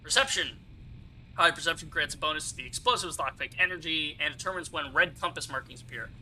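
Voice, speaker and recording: A young man streaming a video game, talking casually and explaining each mechanic as he goes, with plenty of asides. His voice is very bright and sits a little high for a man, close to a desk mic with a faint hiss behind it. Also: expressive, fast, poor audio. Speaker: gaming streamer. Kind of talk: casual let's-play commentary.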